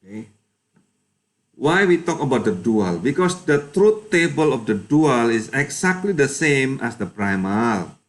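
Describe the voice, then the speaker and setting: Slow patient male lecturer. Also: medium pitch, sing-song. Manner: slow, patient, checks students' answers. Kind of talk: live online lecture.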